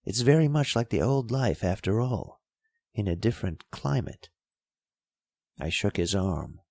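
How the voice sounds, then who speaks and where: Male audiobook narrator, husky low voice with lots of pitch movement, unhurried, close and dry. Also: no room sound. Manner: measured, expressive storytelling. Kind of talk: audiobook reading of a classic story.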